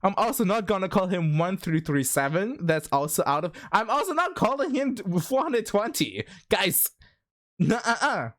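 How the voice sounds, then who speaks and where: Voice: medium pitch, very animated, moderate pace, fairly bright tone. A livestreamer chatting casually with viewers, rambling with many fillers and laughing often. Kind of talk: casual stream chat.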